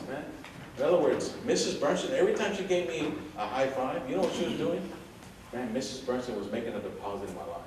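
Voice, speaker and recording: A man's voice: medium pitch, a little mellow. Man, from houston texas, motivational speaker, casual storytelling, fillers and asides, distant, background noise. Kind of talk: storytelling presentation. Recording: echoey room, distant mic, background noise.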